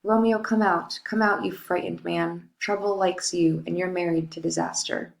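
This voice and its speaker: A woman's voice: on the low side, fairly even intonation, normal speed, vocal fry. A woman reading the part of a stern older male friar in a plain, lightly dramatic way. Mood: scolding. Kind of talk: reading a modern-English play paraphrase. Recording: roomy echo.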